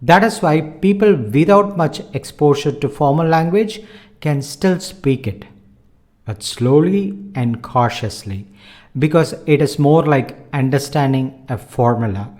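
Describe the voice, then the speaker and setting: A man's voice: fairly high pitch, expressive, darkish tone. Earnest man teaching a language lesson. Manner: measured, earnest, explains by analogy. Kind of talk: explanatory online lesson.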